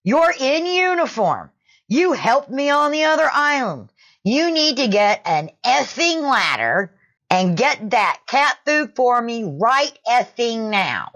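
A woman voicing a furious, entitled older woman shopper who screams her demands in a shrill voice. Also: sing-song, extremely slow, pushed and bright, heavily acted.

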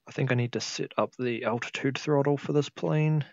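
A man's voice: mid-range voice, fairly quick, gravelly, a little mellow, dry recording, highs cut off. A tired man casually commentating a flight sim game he is playing, thinking aloud and humming to himself. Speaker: gameplay video host.

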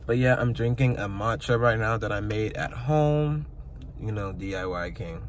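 In a casual vlog recorded in a parked car outside his workplace, a young adult man talks emotionally to his phone, chatting and laughing at himself. He has a lowish voice and a normal pace. Slight background noise is audible.

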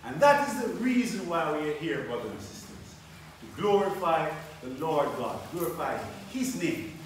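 A man's voice: fairly high pitch, big pitch swings, normal speed, slight background noise. A man preaching a sermon, repeating phrases and asking the congregation rhetorical questions. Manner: repetitive, rhetorical questions, call-and-response. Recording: very echoey, from a distance.

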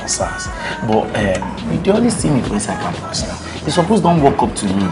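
A man's voice: medium pitch, sing-song, brisk, over loud music, close to an everyday voice. An actor with a Nigerian accent playing Larry, a teasing and reassuring young male student.

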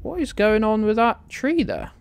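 A man's voice: high voice, expressive, moderate pace, vocal fry, smooth. A young British man streaming a game live, teasing his chat with playful indignation and mock outrage. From United Kingdom.

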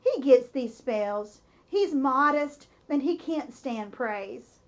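A flustered middle-aged farmer, as a woman voices him, hollering loudly and getting worked up. He talks in a raised, high storybook voice, fussy and excitable. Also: slow pace. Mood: reassuring. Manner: loud, hollering, exasperated.

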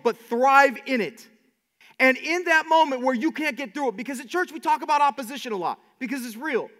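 Energetic high-voiced preacher in a hall. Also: male voice. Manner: animated preaching with many repeated words and asides. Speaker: pastor. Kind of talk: sermon.

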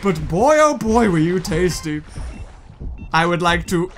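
A man hosting a gaming video, chatting and joking excitedly to his viewers while he plays. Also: sits high, moderate pace, over music. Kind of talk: let's play commentary.

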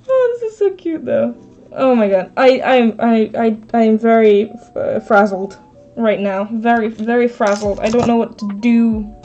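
A woman's voice: on the high side, fairly even intonation, a little slow, mellow. A woman live streaming as she crafts, chatting casually, thinking aloud and answering her chat. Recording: slightly dull stream audio, faint background music.

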